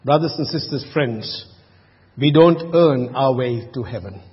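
A man's voice: medium pitch, a little slow, husky, long reverb tail, highs cut off. A man preaching a sermon to a congregation, emphatic and asking them questions as he goes. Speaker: pastor. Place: church.

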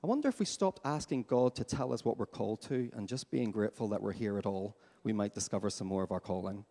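A man preaching a sermon as pastor in a church, lively and questioning his congregation. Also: on the low side, fast talker. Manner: animated, asks the congregation questions. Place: church hall. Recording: long hall reverb.

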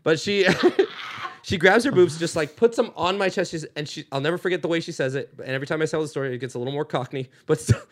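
Fast-talking young man telling a wild story. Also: a little high. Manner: rambling, profane, animated. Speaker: podcast guest. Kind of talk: comic storytelling.

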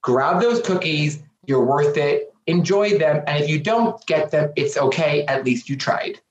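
A man's voice: a little high, a little slow, slight background noise. A man speaking as a guest in an interview, earnest and emphatic, often repeating himself for weight. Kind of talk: candid interview talk. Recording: roomy, dull lo-fi sound.

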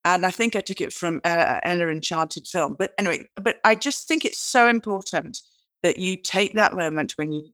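A woman's voice: fairly low pitch, moderate pace, no room sound. A woman with a British accent, a guest author in an interview, telling chatty anecdotes and acting out quoted lines. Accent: British English. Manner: animated storyteller who acts out quoted lines; chatty, restarts and repeats words. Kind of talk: interview conversation.

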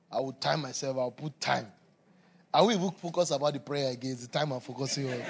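A man preaching a sermon, telling stories with laughter and swinging between loud emphasis and quiet asides. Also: mid-range voice, slight background noise.

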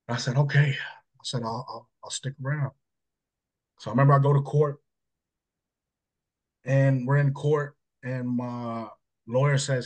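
A man at a middle pitch giving a heartfelt personal testimony as a guest. He talks in a loose, conversational rhythm and keeps checking in with a quick "right?". His telling is earnest and emotional. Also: steady tone, darkish tone. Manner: conversational, ends phrases with "right?". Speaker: interview guest.

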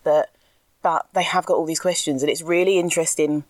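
A young woman with a notably low voice, recorded close and dry. She chats on a podcast in a candid, animated way, laughing easily and sometimes getting ranty about things she cares about. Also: a little fast, no echo. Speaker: podcast co-host, school anti-racism educator. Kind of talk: casual podcast chat.

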